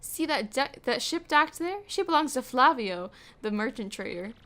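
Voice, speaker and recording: Blunt male dockhand from a game, read by a woman, brash and challenging, high voice. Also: expressive, normal speed, sharp tone. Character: gruff know-it-all male dock worker. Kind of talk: reading game dialogue aloud.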